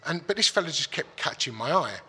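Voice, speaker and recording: A man's voice: on the high side, sing-song, fast, pushed and bright, slightly rough, long reverb tail. A middle-aged man from England, telling a long story in blunt, sweary, rambling casual talk. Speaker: guest.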